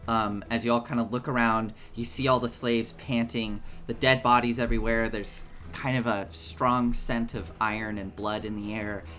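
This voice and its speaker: A man narrating a tabletop game as game master in a relaxed way, with frequent fillers. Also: medium pitch, normal speed, few pauses, soft background music.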